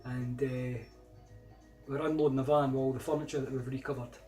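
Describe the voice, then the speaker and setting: A man's voice: mid-range voice, level tone, a little fast, mellow, faint music behind. A middle-aged Scottish man telling personal anecdotes in a casual, rambling way, growing emphatic when he replays old arguments. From Scotland. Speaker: vlogger.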